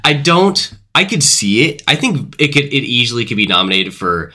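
Bright-voiced man rambling about movies. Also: mid-range voice, very animated, moderate pace. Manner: rambling, self-correcting, hedging. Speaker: podcast co-host. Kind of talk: casual movie review chat.

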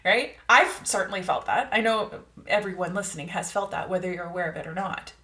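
A woman hosting a reflective self-help talk, calm and earnest, often checking in with her listeners and slowing down to stress key words. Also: lowish voice, reverberant. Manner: calm, earnest, coaching tone with frequent "all right?" check-ins; slow, drawn-out emphasis on key words. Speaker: podcast host.

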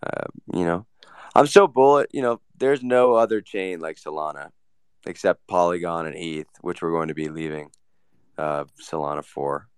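A man's voice: sits low, moderate pace, clear, resonant tone, dry recording, clean studio sound. A man chatting casually, teasing and sarcastic. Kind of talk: casual chat.

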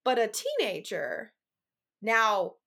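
A woman in her forties chatting casually as a podcast guest, talking in animated, frank rants with some swearing. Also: mid-range voice, slow pace, gravelly. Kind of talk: casual conversational chat.

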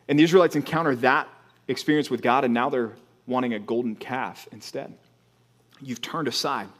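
A man's voice: medium pitch, normal speed. A male pastor preaching a sermon in a conversational, emphatic way, often repeating words as he builds a point.

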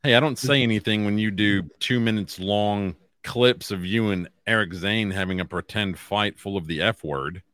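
A man's voice: on the low side, moderate pace, hardly any pauses, fairly bright tone, dry recording. A man co-hosting a casual podcast who trades teasing, sarcastic jabs. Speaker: podcast co-host.

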